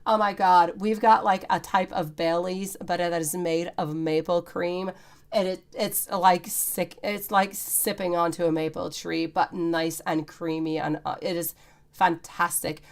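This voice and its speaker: Gravelly woman tarot reader. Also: fairly low pitch, fairly even intonation, unhurried. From Quebec, Canada. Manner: chatty, keeps calling viewers sweetie. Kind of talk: live-stream tarot reading chat.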